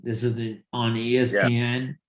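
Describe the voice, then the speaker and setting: A man co-hosting a casual sports podcast, a former boxer who talks in halting bursts with many fillers and restarts. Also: medium pitch, flat delivery, roomy sound.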